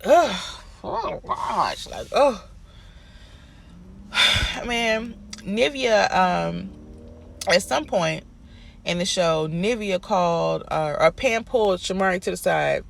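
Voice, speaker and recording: Sassy guy ranting through a tv recap, kinda high voice with a gravelly fry. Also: slow pace, a bit bright, slight background noise. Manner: sassy, exasperated, chatty storytelling. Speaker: TV recap commentator. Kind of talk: casual review and recap rant.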